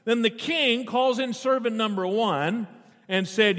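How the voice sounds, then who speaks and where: Preaching at a measured pace, a pastor uses a high-sitting, steady, fairly bright voice. He reads scripture aloud, often halts to interpret it, and puts questions to the congregation, with long reverb from the hall.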